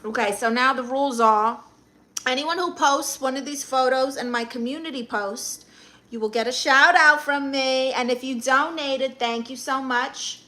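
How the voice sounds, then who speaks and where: A woman's voice: high voice, normal speed, bright, forceful tone. A woman with a Brooklyn accent hosting a comedic phone live stream, reading chat comments in a brash, sassy manner. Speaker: livestream comedian.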